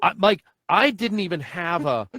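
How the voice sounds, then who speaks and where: Animated storytelling man, dry close sound. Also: high voice, normal speed, no room sound. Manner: animated storyteller, acts out dialogue, laughs often. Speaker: podcast host. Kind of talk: casual podcast conversation.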